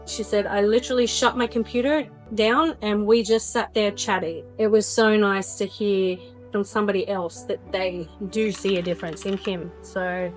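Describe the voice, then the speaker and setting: A woman's voice: mid-range voice, fairly even intonation, moderate pace, soft background music. A woman speaking earnestly and with relief about her son's changes, in a testimonial interview. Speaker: parent giving a testimonial.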